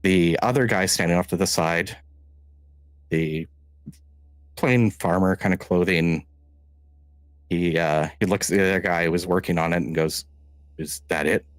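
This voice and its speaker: Narrating a tabletop game as its game master, a man with a very low voice describes the scene in a measured, halting manner, frequently restarting sentences. The audio is dry and close, without room sound.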